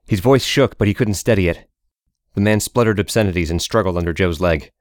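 A man reads a story aloud as an audiobook narrator, steady and measured. His voice sits very low, and the sound is dry and close with no room around it. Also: no room sound.

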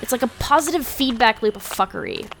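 A woman's voice: a little high, big pitch swings, fairly quick, creaky, a bit bright, soft background music, full character voice. A foul-mouthed delinquent teen girl. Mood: sheepish. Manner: profane, blunt, defensive.

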